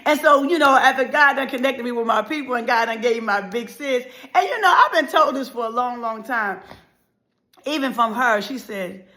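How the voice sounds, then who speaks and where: A middle-aged woman giving an impassioned motivational speech, preacherly and repetitive, swinging between loud and soft. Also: fairly high pitch, normal speed. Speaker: motivational life speaker.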